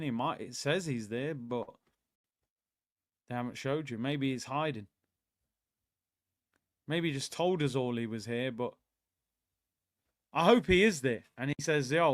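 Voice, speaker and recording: A young man hosting a live football watchalong, chatting about the match and reading out viewers' comments, often yelling at the players. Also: mid-range voice, no echo, studio quality. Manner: excitable, shouts at the players during attacks. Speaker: watchalong host.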